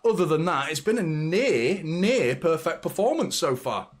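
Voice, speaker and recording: Excitable sweary football fan. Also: male voice, a little high, moderate pace. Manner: chatty with viewers' messages. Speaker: football watchalong host. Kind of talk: live match watchalong commentary.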